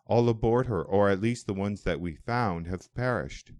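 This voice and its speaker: A man voicing an older hermit monk, devout and calm, who speaks in a booming but welcoming way in an audiobook. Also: normal speed, no echo, lightly acted. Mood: earnest. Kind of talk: audiobook dialogue.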